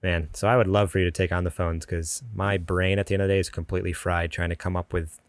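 A man's voice: low voice, little pitch movement, quick pace, no echo. A man co-hosting a podcast from his garage, talking in a loose, joking way full of fillers. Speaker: podcast co-host. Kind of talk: casual podcast chat. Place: home garage with the door open.

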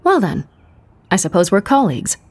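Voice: medium pitch, very animated, moderate pace, voice pushed up. A narrator voicing a sarcastic, frustrated woman detective in a raised, clipped voice. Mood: snarky.

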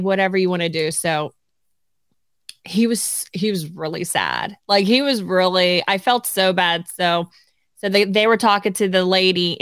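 Here the same kind of speaker, a woman in her forties co-hosting a podcast, has a fairly low, smooth voice on a dry recording. She chats casually through a story, laughing a lot and animatedly voicing others' lines.

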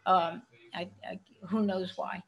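A woman's voice: on the low side, steady tone, slow, vocal fry, low-quality recording. Older woman telling stories, laughing. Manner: chatty storyteller who laughs often. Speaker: actress guest. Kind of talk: casual interview chat.

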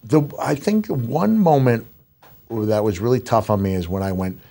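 A middle-aged man and retired wrestler telling animated, rambling stories in a casual podcast chat. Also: medium pitch, moderate pace, vocal fry. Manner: animated, rambling anecdotes with restarts.

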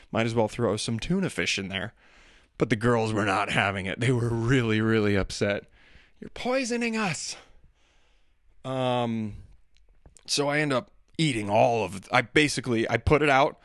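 A man's voice: mid-range voice, moderate pace, a bit bright, no echo, studio quality. A man telling rambling, self-deprecating stories about family life in a casual monologue. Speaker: father talking about daily life.

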